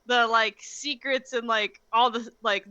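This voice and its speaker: A young woman co-hosting a casual chat, animated and full of "like" fillers, laughing often. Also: a little high, a little slow, smooth, no room sound, poor audio. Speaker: podcast co-host.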